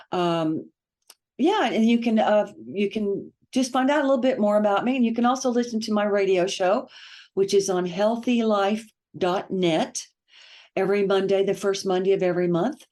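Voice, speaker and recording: A laughing woman, warm and emphatic. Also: medium pitch. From United States. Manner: laughs often, emphatic repetition. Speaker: author and guest. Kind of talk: casual podcast interview.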